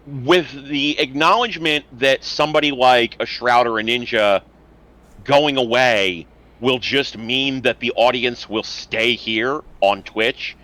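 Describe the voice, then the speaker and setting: A man co-hosting a casual online show, talking in long animated rants packed with swearing. His voice has a bright, forceful edge. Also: mid-range voice, a little slow, poor audio. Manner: heavy swearing, animated ranting. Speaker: podcast co-host. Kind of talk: casual chat.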